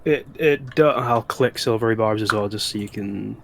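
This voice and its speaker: A man playing in a tabletop game, giving brief, relaxed replies. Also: on the low side, moderate pace, gravelly, a little hiss or hum. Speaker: player. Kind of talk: casual game chat.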